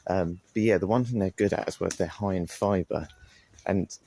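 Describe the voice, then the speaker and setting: A man's voice: low-pitched, normal speed, creaky, warm tone, slight background noise. A young man chatting casually to his phone while out running by the sea, with lots of fillers and a self-deprecating manner. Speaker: vlogger. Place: outdoors by the sea. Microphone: handheld phone.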